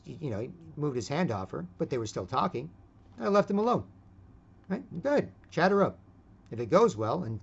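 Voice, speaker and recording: A middle-aged man talks in a loose, rambling monologue, blunt and profane, checking in with "right?" after nearly every point. His pitch sits in an ordinary middle range. The recording is dull and lo-fi. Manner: rambling, ends phrases with "right?". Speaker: video host.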